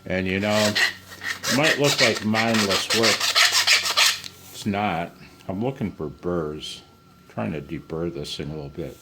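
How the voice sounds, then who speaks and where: A man with a lowish voice talks unhurriedly as he works at a bench, drifting into wry asides about himself. He sounds a bit out of breath from filing. Faint hiss, clicks and metal rasping sit behind him. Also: takes it slowly, long pauses. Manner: self-mocking, wandering asides. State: slightly out of breath. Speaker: ham radio hobbyist. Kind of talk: rambling workshop vlog.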